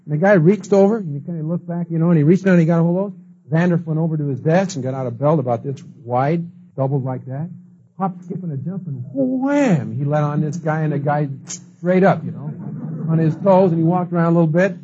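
A man's voice: on the high side, fairly quick, warm tone, slight background noise. A man teaching a class, telling stories and acting out the people he quotes. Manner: storytelling, acts out quoted people. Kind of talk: lecture with anecdotes. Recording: dull lo-fi recording.

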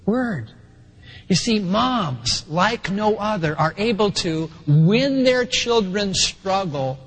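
A middle-aged man preaching a sermon, animated and acting out the voices he quotes. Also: high-pitched, breathy edge, rough recording. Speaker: pastor.

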